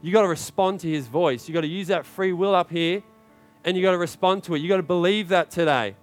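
A man with a high, bright-toned voice preaching a sermon in church, pressing his listeners with repeated calls and rising to shouted climaxes. Soft instrumental music plays faintly underneath. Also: fast talker. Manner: urgent, repetitive exhortation with rising shouted climaxes.

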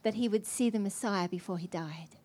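A middle-aged woman preaching a sermon, telling a personal story in an animated, self-mocking way. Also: medium pitch, a little fast.

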